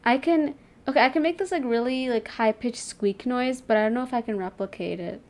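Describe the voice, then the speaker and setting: On a livestream, a young woman chats playfully with a friend, her talk stuffed with "like" and other fillers. The streamer's voice sits on the high side with a darkish tone, and she speaks fairly quickly.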